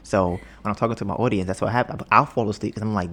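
A young man hosting a casual home podcast, rambling and joking, bragging about his smooth steady voice. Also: lowish voice, quick pace, hardly any pauses, a little hiss or hum. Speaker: podcast host. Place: home, storm outside. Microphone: podcast mic with headphones.

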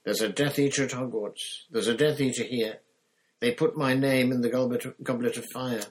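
Male narrator playing a frantic young boy wizard, raised higher and louder than his deep own voice, urgent and pleading. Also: fairly even intonation, normal speed, natural voice. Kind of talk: audiobook character voice.

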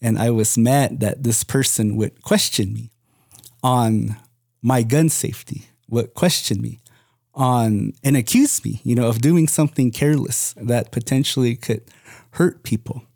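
A man's voice: medium pitch, a little slow, gravelly, a little mellow, no echo, clean studio sound. A young man telling a personal story casually, rambling with many fillers. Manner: rambling, many "you know" and "kind of" fillers.

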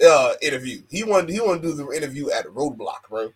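A man's voice: fairly high pitch, very animated, brisk, breathy edge, low-quality recording. A man co-hosting a casual wrestling podcast, laid-back and chatty, often checking in with his partner. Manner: laid-back, keeps asking "you feel me". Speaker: podcast co-host.

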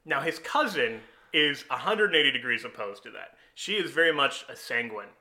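A man hosting a casual chat, explaining personality types as an animated storyteller who chuckles often. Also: medium pitch, moderate pace.

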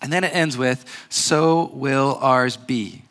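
A man preaching a sermon as pastor, earnest and measured, pausing and restarting often. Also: medium pitch, fairly bright tone, smooth. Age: adult with a grandfather recently passed.

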